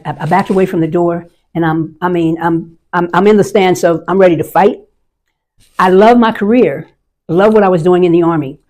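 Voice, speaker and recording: An older American woman, an Army veteran, recounts a personal experience in a lowish voice. She speaks earnestly and often stops to restart a sentence. She acts out the voices of the people she quotes. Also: darkish tone. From United States. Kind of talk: personal testimony storytelling.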